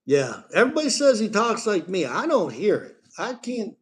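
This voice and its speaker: A man's voice: sits high, big pitch swings, normal speed. A middle-aged man, chatting casually on a live stream about his pet parrot and breaking off to talk to the bird.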